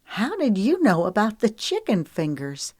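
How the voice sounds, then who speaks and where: A woman's voice: medium pitch, wildly swooping pitch, a little slow, a little mellow, no room sound, voice pushed up. Woman narrator doing a guarded young female singer, rueful and teasing, dry booth. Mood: bantering.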